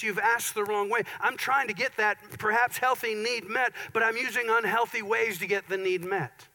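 A pastor preaching a conversational sermon, with playful asides and an Upper Midwest American accent. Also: male voice, sits high, bright, forceful tone, poor audio.

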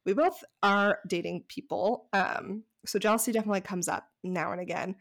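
A woman's voice: mid-range voice, steady tone, moderate pace. A woman co-hosting a podcast in casual chat, chatty and saying "like" often. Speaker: podcast co-host.

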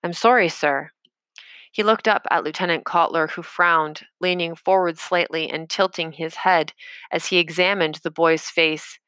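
Woman reading a story aloud, lowish bright voice, dry close mic. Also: steady tone, normal speed, clear, resonant tone, dry recording. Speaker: audiobook narrator. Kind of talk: scripted narration.

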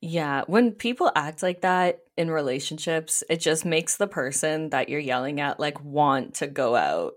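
A woman's voice: sits low, lively intonation, unhurried, few pauses. A woman guesting on a podcast, casually recapping a show and swearing now and then. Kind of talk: casual chat.

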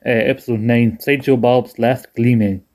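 A man's voice: mid-range voice, flat delivery, moderate pace, darkish tone. A young man chatting casually as a podcast co-host, rambling and laughing often as he recaps a cartoon episode. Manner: rambling, laughs often, quotes lines in put-on voices.

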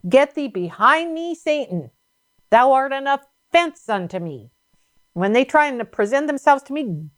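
A woman's voice: on the high side, no room sound, studio quality. A woman preaching a sermon, urging listeners with fervent repetition.

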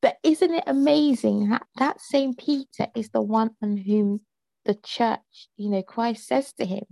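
A woman's voice: a little high, measured pace, creaky, warm tone, no echo. A woman co-hosting a casual Bible discussion, asking thoughtful questions with frequent fillers. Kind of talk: casual Bible study chat.

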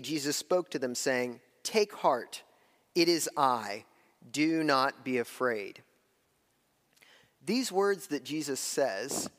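A fairly high-pitched male preacher delivering a sermon in a sanctuary with a long, ringing reverb. He talks conversationally, slowing right down to stress key phrases, then rushing through asides to the congregation. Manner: conversational preaching, shifting between slow emphasis and quick asides. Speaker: pastor.

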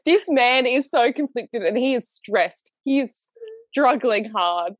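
A woman co-hosting a podcast in casual chat, animated and acting out the quotes she retells. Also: fairly high pitch, slow pace, no room sound, studio quality. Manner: animated, acts out quotes with laughs. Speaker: podcast co-host. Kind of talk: casual chat about a book.

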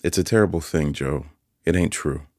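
A man voicing a troubled young boy in an audiobook, quiet and downcast, close to his own reading voice. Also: rumbling low, normal speed, no room sound.

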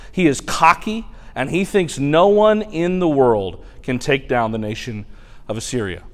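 A man preaching a sermon, retelling a scripture story in animated, colloquial language. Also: on the high side. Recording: long hall reverb.

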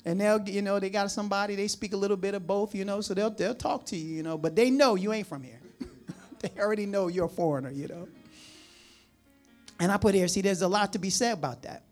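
A man's voice: high-pitched, quick pace, soft background music. A man from the New Jersey or New York area preaching a conversational sermon, folksy and chatty with frequent asides and chuckles. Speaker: pastor.

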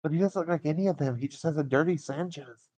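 A man's voice: fairly high pitch, fast talker, darkish tone. A man co-hosting a casual gaming podcast, dropping in short, dry, teasing remarks. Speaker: podcast co-host.

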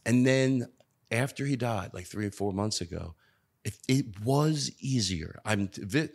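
Low-voiced man, earnest and rambling. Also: expressive, unhurried, gravelly, breathy edge. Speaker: comedian guest. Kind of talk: casual conversation.

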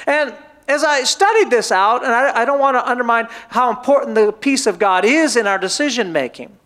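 A man's voice: very high voice, a little fast. A pastor preaching a sermon to his church, telling a story and acting out the voices of the people in it. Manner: animated, acts out quoted voices.

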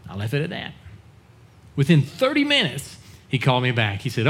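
A man's voice: wildly swooping pitch, moderate pace, long pauses, a bit bright. A man preaching as a pastor, telling a story in an earnest manner and acting out the people he quotes. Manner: earnest, acts out quoted dialogue in a lowered voice. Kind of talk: sermon storytelling.

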